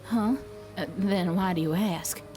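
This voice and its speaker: A woman voicing a brisk, modern-minded young female diver, reading game dialogue aloud with a light put-on accent. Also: medium pitch, over music, voice pushed down, natural voice. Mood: matter-of-fact.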